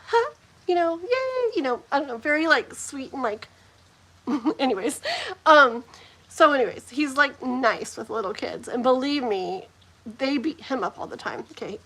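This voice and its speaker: A middle-aged woman hosting a live stream, telling a personal story in a casual, animated way, laughing often and filling her speech with "like". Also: high voice. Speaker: host of a live challenge stream.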